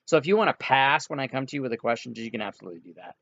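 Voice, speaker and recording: A man narrating as game master of a tabletop game, relaxed and reassuring toward his players, on a dull, dry lo-fi recording. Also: mid-range voice, racing, vocal fry. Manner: relaxed, reassuring, laughs easily.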